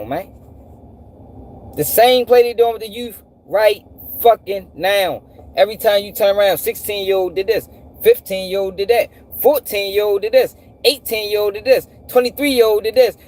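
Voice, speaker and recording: A man hosting a live stream, animated and profane, repeating himself and firing off rhetorical questions. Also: sits high. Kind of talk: casual commentary to a live audience.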